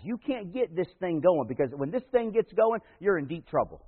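Husky-voiced man preaching a sermon. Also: high-pitched, very animated, normal speed, hardly any pauses, in a large hall. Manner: preaching, rising to loud emphatic peaks. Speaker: pastor. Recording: tinny phone-like sound.

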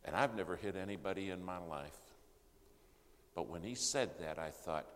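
An older preacher with a very deep voice tells a story from the pulpit, swinging from loud, dramatic lines to hushed ones. His voice rings through a large hall with a long reverb over a faint ambient hum. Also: moderate pace. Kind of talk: sermon storytelling.

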